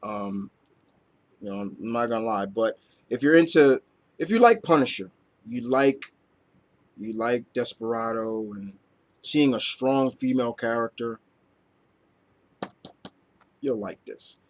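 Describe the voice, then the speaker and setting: A man's voice: medium pitch, expressive, a little slow, pauses often. Rambling casual comic reviewer, man. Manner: rambling, loose, lots of fillers and casual swearing. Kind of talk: casual chat.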